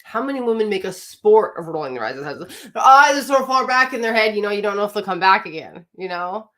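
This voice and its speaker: A woman's voice: medium pitch, lively intonation, fast, fairly bright tone. A woman marriage coach giving a live coaching talk, speaking directly and emphatically and often putting questions to her audience.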